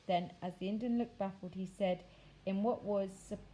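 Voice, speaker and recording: A woman teacher reading a children's novel aloud, with expressive, measured storytelling that slows for dramatic phrases. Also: medium pitch, slight background noise, rough recording.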